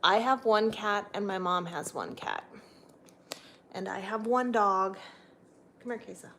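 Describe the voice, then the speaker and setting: A woman's voice: unhurried, a bit bright, a little hiss or hum. A middle-aged woman, chatting casually on a livestream from home and cooing at her pets. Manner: chatty, talks to her pets in a high sing-song voice. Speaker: vlogger. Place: home, indoors.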